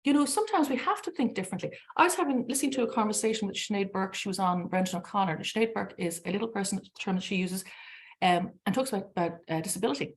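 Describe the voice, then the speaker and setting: A woman's voice: mid-range voice, lively intonation, rapid-fire. A middle-aged Irish woman speaking on a panel, telling her story candidly and passionately, with lots of ums and restarts. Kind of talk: unscripted panel talk.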